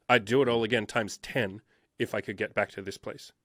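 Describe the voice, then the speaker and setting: A man's voice: lowish voice, fairly even intonation, brisk, sharp tone, no room sound, clean studio sound. A man in his thirties telling his life story as an interview guest, emphatic and swearing freely. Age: 30s.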